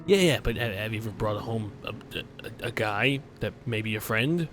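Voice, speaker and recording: A man's voice: on the low side, animated, normal speed. A young man reading a visual novel aloud and joking between lines, rambling and swearing. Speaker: let's play host. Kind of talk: game commentary and reading aloud. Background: game music.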